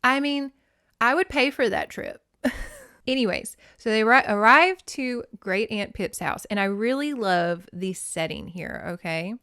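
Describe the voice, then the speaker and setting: A woman's voice: a little high, a little slow, sharp tone, clean tone, dry recording, clean studio sound. A woman hosting a podcast, chatting casually with laughs and the odd swear word while summarizing and reading from a novel. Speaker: podcast host. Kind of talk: casual chat and read-aloud.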